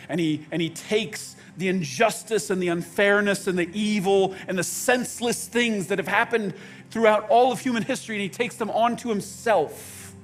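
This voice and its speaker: Fervent preacher man, soft music underneath. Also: high voice. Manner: conversational, halting restarts, swings between quiet intensity and loud outbursts. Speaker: pastor. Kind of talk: sermon with acted-out quotes.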